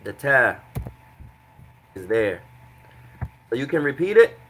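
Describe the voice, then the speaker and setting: Bright-voiced male Arabic teacher. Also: medium pitch, very animated, takes it slowly, slight background noise, rough recording. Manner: patient, repeats translations several ways; breaks grammar into small steps. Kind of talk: classroom lesson.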